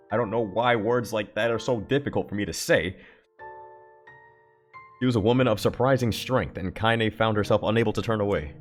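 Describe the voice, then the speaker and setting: Man, very low voice, reading a book aloud, trips over words, faint music behind. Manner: occasional stumbles and self-corrections. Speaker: streamer reading a novel aloud. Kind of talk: dramatic book reading on stream.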